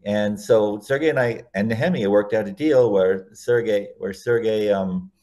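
A man's voice: on the low side, normal speed, mellow. A man, a guest on an interview show, telling long anecdotes casually, often restarting and correcting himself mid-sentence. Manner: rambling, self-correcting anecdotes.

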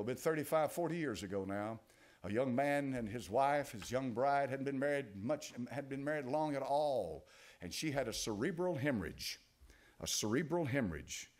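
An older man with an East Tennessee accent preaching a sermon as pastor, dropping to quiet asides and rising to loud exclamations. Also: mid-range voice. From United States.

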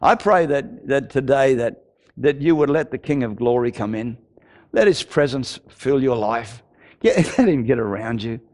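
A man's voice: medium pitch, expressive, normal speed, a little mellow. An older man, a pastor from Australia, preaching a sermon with passion, repeating words for emphasis and stammering now and then as he tells his story. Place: church.

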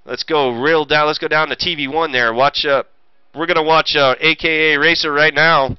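A man's voice: a little high, fairly even intonation, normal speed, smooth, no room sound. A man giving brash, profane, off-the-cuff commentary on a sim race he hosts. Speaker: sim racing commentator and streamer. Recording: muffled stream audio with loud engine noise. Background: racing game engine noise.

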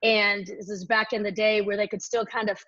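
A woman guest in an interview, telling her stories in a lively way and acting out the dialogue. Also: medium pitch, fairly quick, no room sound, highs cut off. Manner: lively storyteller who acts out dialogue. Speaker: guest, military veteran. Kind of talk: conversational storytelling interview.

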